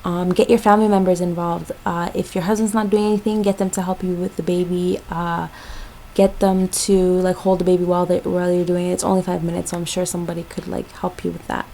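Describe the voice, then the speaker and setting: A woman's voice: on the low side, little pitch movement, quick pace, creaky, mellow, a little hiss or hum, low-quality recording. A young woman from Jamaica, a mother, giving parenting tips in a casual, chatty vlog with lots of ums and likes.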